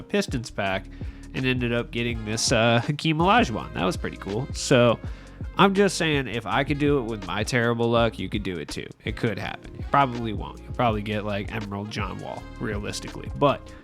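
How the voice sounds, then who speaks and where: A young gaming YouTuber does voice-over, with no face cam, for a casual gaming video. His medium-pitched, fairly bright voice sounds nasal and stuffed up from allergies, and he rambles self-mockingly, saying "like" often.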